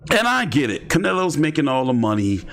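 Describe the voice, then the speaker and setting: A man's voice: medium pitch, sing-song, a little fast, creaky, a bit bright. A man hosting casual boxing commentary, rambling and joking with slang and lots of fillers. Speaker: host.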